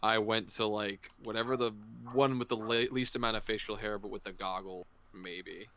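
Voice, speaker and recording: A man's voice: lowish voice, fairly even intonation, normal speed, a bit bright, slight background noise. A man riffing casually as a guest on a game stream, laid-back, rambling and a bit profane. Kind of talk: casual gameplay chat.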